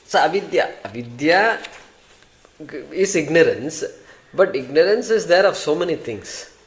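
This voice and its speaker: A man's voice: fairly high pitch, lively intonation, unhurried. A man with an Indian accent teaching a scripture class. He talks conversationally, asks the class questions and answers them himself, and recites Sanskrit terms and verses. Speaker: Vedanta teacher.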